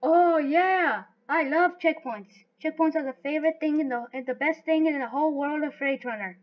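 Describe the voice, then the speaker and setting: A woman giving live gameplay commentary, excitable and talking to herself as she plays. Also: sits high, normal speed. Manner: excitable, talks to herself while playing. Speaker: gaming video host. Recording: dull lo-fi recording.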